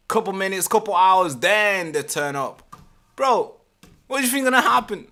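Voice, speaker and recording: A man hosting a live reaction stream, talking casually, animated and exasperated, swearing freely. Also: sits high, normal speed.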